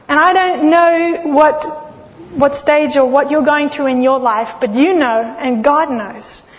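A woman delivers a sermon in a high, clear voice, telling stories with feeling. She slows down and pauses for effect. Her words ring out with the long reverb of a large hall. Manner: expressive storytelling with dramatic pauses. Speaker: preacher.

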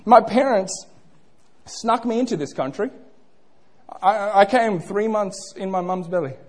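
A man's voice: high-pitched, measured pace. A young man preaching a sermon, playful and interactive, asking the congregation questions.

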